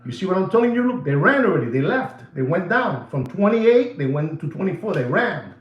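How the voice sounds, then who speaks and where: A man's voice: high-pitched, brisk, reverberant, highs cut off. A man hosting a watch channel, ranting casually to his viewers, repeating himself and dropping into Spanish phrases. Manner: animated, repetitive, switches into Spanish phrases. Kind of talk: casual rant to camera.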